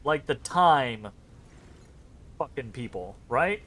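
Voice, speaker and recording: A man's voice: mid-range voice, lively intonation, slow, fairly bright tone. Man musing over his game. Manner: musing aloud, swears casually. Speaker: gamer playing a video game. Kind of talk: casual gameplay commentary.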